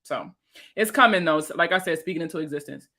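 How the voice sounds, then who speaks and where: Bright-voiced woman chatting casually on a livestream. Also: low voice, fast talker. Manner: rambling, profane and laughing. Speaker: personal finance creator and veteran.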